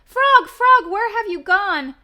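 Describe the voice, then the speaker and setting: A woman voicing a fretful, excitable male toad in a storybook read-aloud, wailing and easily flustered. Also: fairly high pitch, unhurried, highs cut off. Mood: anxious. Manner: wails and shrieks, easily flustered.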